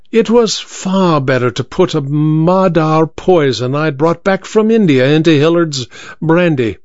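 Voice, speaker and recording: A ruthless older colonel, an ex-soldier and hunter, voiced by a man with a cold, deliberate menace and a lively, swooping delivery. The sound is dry and a little dull. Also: on the high side, dry recording. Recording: dry, slightly dull recording.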